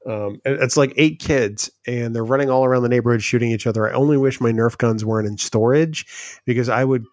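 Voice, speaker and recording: A man's voice: medium pitch, brisk, darkish tone, no echo. A man co-hosting a podcast in casual chat, making dry, sardonic jokes at his friend. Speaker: podcast co-host.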